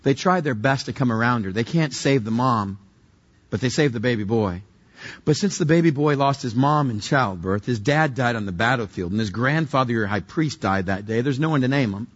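A man's voice: medium pitch, expressive, a little fast, muffled recording. A male pastor preaching a sermon in a conversational, humorous way, acting out little scenes as he goes.

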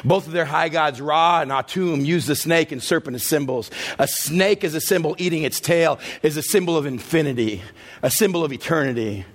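A pastor, preaching a lively, story-driven sermon with a voice that sits a little higher than most men's. He keeps breaking off into jokey asides and acted-out voices. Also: a little fast. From West Texas.

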